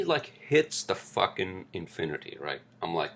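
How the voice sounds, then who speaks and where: A man's voice: low voice, very animated, moderate pace, few pauses, a bit bright. A New man hosting a casual solo podcast, rambling with lots of fillers, frequent swearing and "right?" tags. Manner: rambling, swears often, many fillers and tag questions. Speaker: podcast host.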